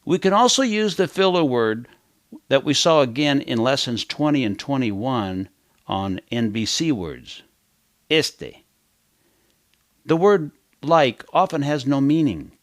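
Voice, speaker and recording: A man's voice: mid-range voice, very animated, slow, no room sound, clean studio sound. A man teaching a kids' language lesson in a playful, storytelling way.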